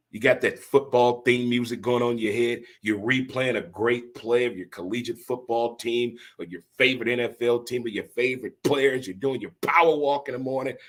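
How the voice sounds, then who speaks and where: A man's voice: medium pitch, normal speed. A man hosting his own podcast, riffing in a folksy, catchphrase-heavy way and talking straight to his listeners. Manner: folksy, repeats catchphrases, addresses listeners directly. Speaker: podcast host. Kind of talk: casual talk show monologue.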